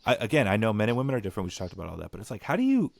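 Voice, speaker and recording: A man's voice: fairly low pitch, wildly swooping pitch, very fast, creaky, no room sound, studio quality. A young man hosting a casual podcast chat, ranting bluntly and swearing. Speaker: podcast host.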